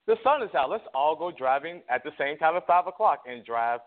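A man's voice: a little high, animated, brisk. A man co-hosting a casual sports talk show, a little out of breath, rambling and repeating himself with laughs. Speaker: co-host. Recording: tinny phone line.

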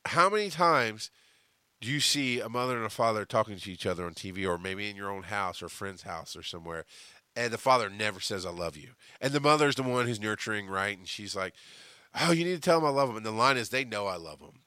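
A man's voice: fairly low pitch, brisk, smooth, no echo, studio quality. Emphatic, foul-mouthed male podcast host. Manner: emphatic, swears freely, big swings between quiet and loud. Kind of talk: solo podcast monologue.

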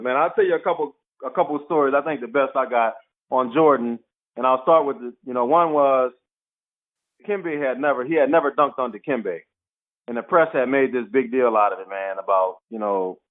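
A man who played pro basketball, telling stories in an interview and acting out the quotes. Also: medium pitch. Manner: animated storyteller, acts out quotes. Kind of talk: storytelling interview. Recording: tinny phone-like line.

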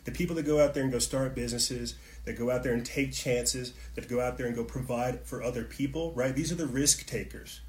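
A man's voice: medium pitch, steady tone, brisk, hardly any pauses, echoey room. A man hosting his own channel, giving a heated, repetitive monologue straight to his viewers. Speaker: channel host. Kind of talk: impassioned monologue to camera.

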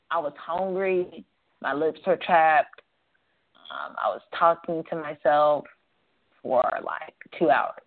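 A young woman hosting a casual call-in talk show from her apartment, blunt and profane, rambling and laughing as she talks. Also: fairly low pitch. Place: apartment room. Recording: tinny phone-like line.

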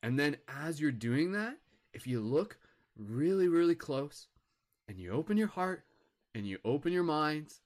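A man's voice: fairly high pitch, big pitch swings, unhurried. A young man doing improvised stand-up at an open mic, rambling with lots of filler words and restarts. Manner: heckles himself in a mock crowd voice.

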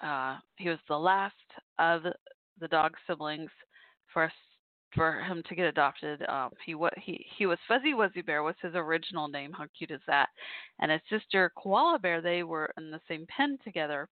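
A woman's voice: low-pitched, lively intonation, normal speed, no room sound. A woman hosting a call-in podcast, chatting in a rambling way with fillers and asides. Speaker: podcast host and call-in show DJ. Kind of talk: casual solo podcast talk. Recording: dry tinny phone-like line.

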